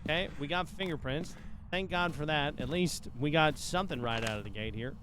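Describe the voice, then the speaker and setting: A man's voice: fairly high pitch, a little fast, background noise. A man commentating his own horror-game play, talking to the ghost and getting exasperated, swearing freely. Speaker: gaming streamer. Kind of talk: casual let's-play commentary.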